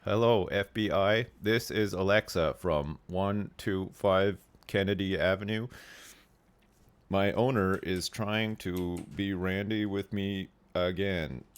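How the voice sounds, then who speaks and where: A stiff, robotic home assistant voice, put on by a man. It speaks slowly and flatly in a measured, mechanical way, with a lowish pitch. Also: smooth. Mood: prim. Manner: slow, flat, robotic delivery.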